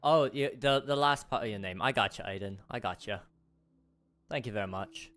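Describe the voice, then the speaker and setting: A man's voice: medium pitch, moderate pace, a bit bright, soft background music. A man chatting casually with his viewers on a livestream, rambling and poking fun at himself. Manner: rambling, chatty, self-deprecating.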